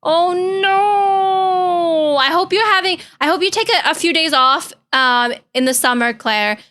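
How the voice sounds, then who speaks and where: High bright-voiced young woman streamer. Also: moderate pace. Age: young adult. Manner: chatty, caring, playful. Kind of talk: casual reaction-stream chat.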